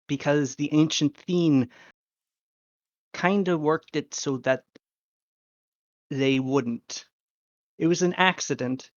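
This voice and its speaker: A man running a tabletop game as game master, narrating slowly with many fillers and restarts. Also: mid-range voice, no echo, muffled recording. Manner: slow, halting, many fillers.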